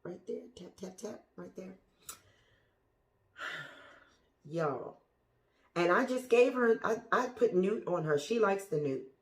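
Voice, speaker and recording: A plant vlogger with a mid-range, animated voice shows off her houseplants, speaking slowly and pausing often. She gushes chattily straight to the camera, sometimes dropping to a whisper, in an echoey indoor room among her plants.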